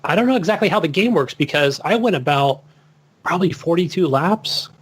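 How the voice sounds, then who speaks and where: A man's voice: fairly high pitch, expressive, brisk, slight background noise. A man co-hosting a casual gaming podcast, talking hesitantly with many "like" and "you know" fillers. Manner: hesitant, full of fillers and restarts. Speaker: podcast co-host.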